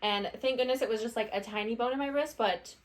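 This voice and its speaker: A woman's voice: on the high side, fast. A woman in her late twenties, co-hosting a podcast and telling stories in a chatty, friendly way. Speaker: podcast co-host. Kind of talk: casual chat.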